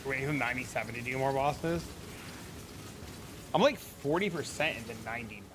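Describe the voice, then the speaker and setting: A young man chatting casually on a gaming livestream, profane and excitable, swearing freely. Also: medium pitch, fairly quick, background noise. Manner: profane, excitable, talks to his cats. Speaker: gaming streamer.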